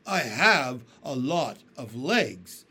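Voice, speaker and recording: A man's voice: high-pitched, big pitch swings, slow pace, breathy edge, full character voice. A man voicing a boastful, vain centipede in a storybook reading, proud and bickering.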